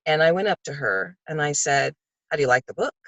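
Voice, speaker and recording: Bright, dry-sounding older woman sharing. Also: low-pitched, brisk, no echo, lo-fi sound. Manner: heartfelt, animated storytelling, acts out quoted voices. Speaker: book club participant. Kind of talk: casual sharing on a video call. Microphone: video call.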